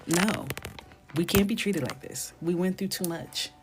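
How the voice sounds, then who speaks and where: Playful low-voiced woman telling stories. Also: measured pace, background noise. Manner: playful, animated storytelling, drops to whispers. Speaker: illustrator streaming coloring. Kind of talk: casual live-stream chat while coloring.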